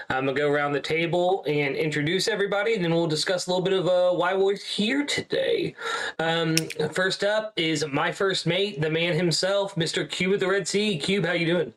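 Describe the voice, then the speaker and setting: A man's voice: a little high, a little fast, fairly bright tone, rough recording. A man hosting a casual podcast stream, introducing his co-hosts with upbeat announcer-style flair and frequent laughs. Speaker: host and captain of a podcast. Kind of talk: casual chat.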